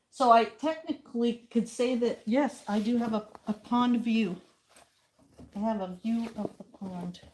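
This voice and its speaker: With slight background noise behind her, a woman in a mid-range, slightly mellow voice vlogs casually from her kitchen and yard at home. She chats with viewers and talks to herself as she cooks.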